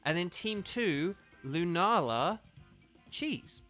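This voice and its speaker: A man's voice: high-pitched, lively intonation, slow pace, bright, forceful tone. A young man hosting a casual livestream, chatting in a friendly way with his viewers and full of fillers and restarts. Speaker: streamer and voice actor. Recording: faint game music behind.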